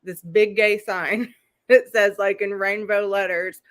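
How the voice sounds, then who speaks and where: A woman's voice: medium pitch, steady tone, takes it slowly. Chatty woman rambling through a recap. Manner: chatty, rambling, laughing asides. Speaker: host. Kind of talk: casual live-stream recap.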